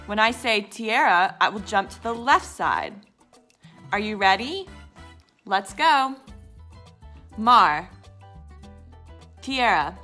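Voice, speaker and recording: A woman's voice: medium pitch, big pitch swings, slow pace, long pauses, fairly bright tone, soft background music. A woman leading children through a jumping game, upbeat and instructive. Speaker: children's activity leader. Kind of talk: leading a movement game for kids.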